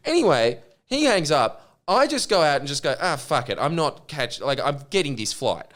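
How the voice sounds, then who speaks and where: A man's voice: on the high side, big pitch swings, moderate pace, fairly bright tone. A young man telling a comedic story in casual chat, swearing and laughing as he goes.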